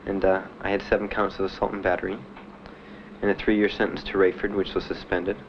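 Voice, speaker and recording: A man's voice: deep voice, flat delivery. Guy telling his service story, lots of uhs, faint hiss behind, kinda muffled old tape. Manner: halting, plainspoken storytelling with many "uh" fillers. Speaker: veteran interviewee. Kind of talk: documentary interview. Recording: dull archival recording with faint hiss.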